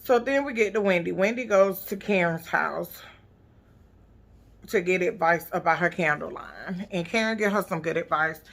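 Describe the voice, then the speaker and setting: A woman's voice: lowish voice, moderate pace, vocal fry. A woman recapping a reality TV episode in blunt, profane, sassy casual commentary. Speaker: TV recap vlogger.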